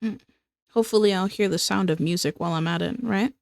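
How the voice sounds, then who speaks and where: A woman's voice: mid-range voice, fast, darkish tone, no room sound, clean studio sound. A young American woman chatting casually with her stream while drawing, rambling and repeating herself with self-mocking asides. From United States.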